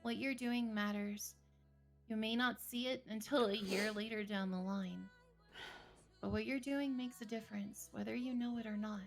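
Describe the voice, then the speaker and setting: A woman therapist who is a guest on a livestream, speaking in a calm, reassuring, affirming way. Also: a little high, moderate pace, gravelly, soft background music. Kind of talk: supportive conversation.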